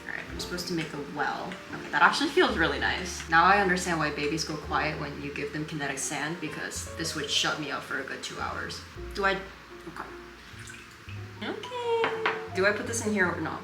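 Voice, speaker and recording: A woman's voice: low-pitched, very animated, normal speed, echoey room, over music. A young woman from Korea chatting casually in a cooking vlog, rambling in a sarcastic, self-mocking way. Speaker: cooking vlogger. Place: home kitchen.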